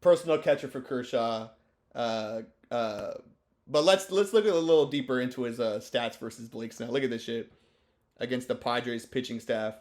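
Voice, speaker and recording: A man's voice: mid-range voice, normal speed, darkish tone. A stoned man giving rambling, joking, profane commentary over sports clips. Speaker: video host.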